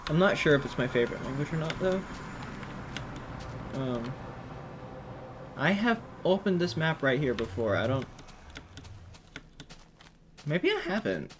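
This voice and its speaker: A man giving casual gameplay commentary, thinking aloud with lots of ums and sudden excited bursts when an idea strikes. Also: fairly high pitch, moderate pace, pauses often, background noise.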